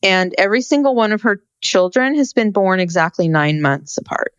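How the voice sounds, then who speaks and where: A woman's voice: mid-range voice, animated, normal speed, clear, resonant tone, no room sound. A woman co-hosting a podcast in casual chat, hesitant and searching for words. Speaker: podcast co-host.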